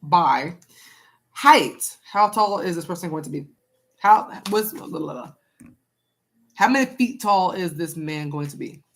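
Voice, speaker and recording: Young woman doing a tarot livestream, kinda low voice, chatty and repeats stuff. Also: lively intonation, unhurried, pauses often, fairly bright tone. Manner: casual, chatty, talks to chat and repeats herself. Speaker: tarot reader streaming live. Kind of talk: live-stream tarot reading.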